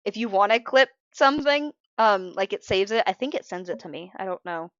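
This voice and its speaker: A woman's voice: medium pitch, lively intonation, brisk, no room sound, lo-fi sound. A tired woman streamer chatting casually while she draws. She rambles and interrupts herself, and is frank about being emotional. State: tired from little sleep. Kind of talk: casual live-stream chat while drawing.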